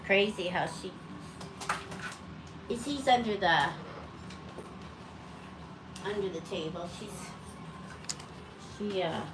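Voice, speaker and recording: Speaking slowly with long pauses, this parrot-owning channel host chats and rambles at home, cooing at her birds in a high, sing-song way. The background is noisy.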